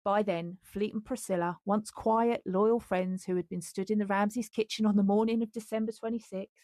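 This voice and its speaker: A woman's voice: mid-range voice, steady tone, moderate pace, warm tone, dry recording. A woman podcast co-host who reads a true-crime script and breaks off into joking asides. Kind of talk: scripted true-crime narration mixed with casual chat.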